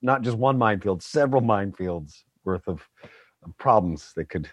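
A man's voice: lowish voice, expressive, moderate pace, slightly rough, dry recording. A man in his fifties, a guest actor chatting casually on a podcast, rambling with self-deprecating asides. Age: 50s.

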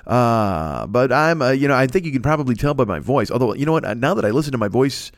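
A man's voice: mid-range voice, expressive, quick pace, no echo. A man in his forties talks alone into a studio microphone, wandering from thought to thought with plenty of swearing and self-mockery. His voice sits in an ordinary middle register. The sound is close and dry. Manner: rambling, profane, self-mocking. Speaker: podcast host. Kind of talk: casual solo podcast chat. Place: recording alone indoors.

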